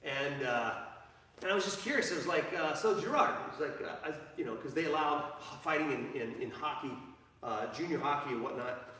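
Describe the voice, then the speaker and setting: A man's voice: fairly high pitch, a little fast, bright, forceful tone, a little hiss or hum. Man, jiu-jitsu instructor, rambling with fillers, distant mic, long hall reverb. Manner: rambling, many fillers and restarts. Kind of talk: live class demonstration. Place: training gym. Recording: echoey hall, from far off.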